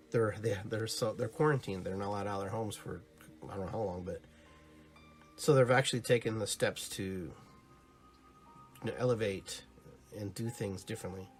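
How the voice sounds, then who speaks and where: A man hosting a live-streamed podcast, chatting casually and rambling, who greets his viewers and acts out little stories. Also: fairly low pitch. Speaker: podcast host.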